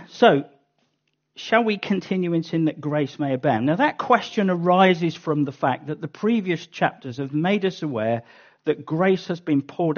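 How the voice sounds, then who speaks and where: A man delivering a sermon, reading a passage and then unpacking it in an earnest, teaching tone. His voice sits somewhat high and rises into emphatic bursts. The recording is dull and lo-fi. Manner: earnest Bible teaching, explanatory with emphatic outbursts. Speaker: preacher.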